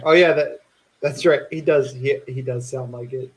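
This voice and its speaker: A man's voice: mid-range voice, steady tone, normal speed, noisy background. A man co-hosting a podcast, joking and laughing along in casual chat. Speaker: podcast co-host.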